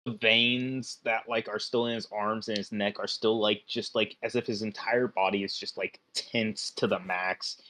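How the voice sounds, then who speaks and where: A man describing his character in a tabletop game, slow and full of fillers. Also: lowish voice, fairly even intonation, pushed and bright. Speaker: player.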